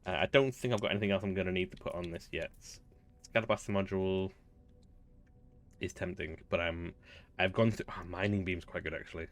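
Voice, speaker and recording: Chatty low-voiced male gaming host. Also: steady tone, brisk. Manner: chatty, amused, thinks aloud with frequent laughs. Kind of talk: relaxed gameplay commentary.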